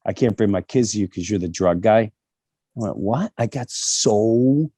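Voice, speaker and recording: A middle-aged man telling stories in a casual interview over a video call, animated and acting out the people he quotes. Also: on the low side, normal speed, no room sound, studio quality. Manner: animated storytelling, acts out quoted voices. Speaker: comedian interview guest.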